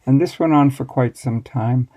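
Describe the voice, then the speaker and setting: An American man in his sixties, a master baker, telling stories from his past in a relaxed, wry way as an interview guest. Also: medium pitch, moderate pace. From United States. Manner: relaxed, reflective, wry storytelling. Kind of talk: storytelling interview answers.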